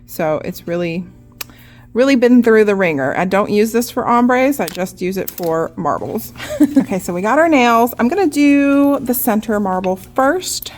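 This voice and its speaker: A woman's voice: fairly high pitch, measured pace. Chatty woman teaching nail art. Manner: chatty, relaxed, lots of "like". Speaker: nail artist. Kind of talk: casual step-by-step nail art tutorial.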